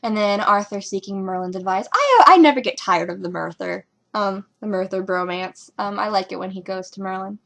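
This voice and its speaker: A young woman talking casually as a fan reviewing a TV episode, rambling and excitable with lots of ums and likes. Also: medium pitch, fairly quick, gravelly, hardly any pauses. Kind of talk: casual fan reaction commentary.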